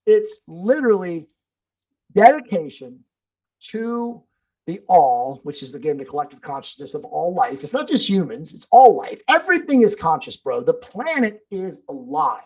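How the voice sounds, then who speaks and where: A man's voice: a little high, big pitch swings, moderate pace, a little mellow, husky, low-quality recording. A man as a podcast guest, talking in a blunt, emphatic way, swearing and calling the host bro and dude. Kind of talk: casual interview talk.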